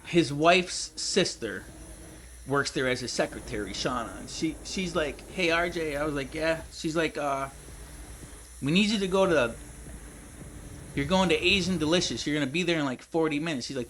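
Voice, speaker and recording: A man's voice: on the high side, moderate pace, pauses often, fairly bright tone, slight background noise, rough recording. A young man gaming at home, telling a long rambling story, laughing often and calling people dude and man. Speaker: gaming streamer. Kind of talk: casual storytelling while gaming.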